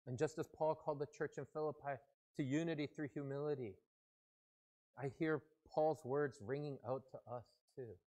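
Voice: mid-range voice, steady tone, normal speed, dark tone. A pastor preaching a sermon in an earnest, conversational way.

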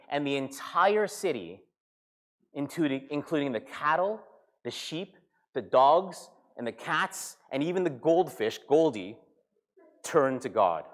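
A man, a pastor, preaching a sermon with animated storytelling and acted-out voices. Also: medium pitch, a little slow. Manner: animated storytelling, acting out characters.

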